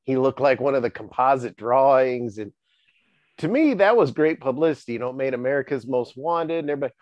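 A man hosting a casual chat, joking and animated as he talks. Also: medium pitch, brisk, no room sound. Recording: dry, dull lo-fi sound.

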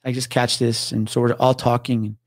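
A man's voice: mid-range voice, flat delivery, a little fast, dry recording, studio quality. Man swapping blunt police stories. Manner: swears freely, acts out others' words. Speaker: podcast guest, retired police officer. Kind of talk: casual storytelling.

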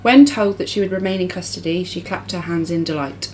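A woman with a lowish voice hosts a casual podcast. She reads case details aloud, then drifts into loose chat with her co-host, with faint noise behind her. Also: fairly quick, a little mellow, poor audio. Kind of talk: casual true-crime chat.

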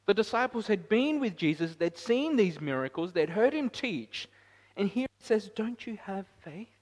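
A man preaching a sermon as pastor, climbing to loud emphatic peaks and then dropping to quiet, reflective lines. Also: sits high, very animated, moderate pace. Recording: long hall reverb.

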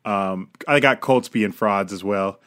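A man's voice: lowish voice, measured pace, fairly bright tone. A man co-hosting a podcast, chatting casually and animatedly about football, swearing and laughing. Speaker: podcast co-host. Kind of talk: casual sports chat.

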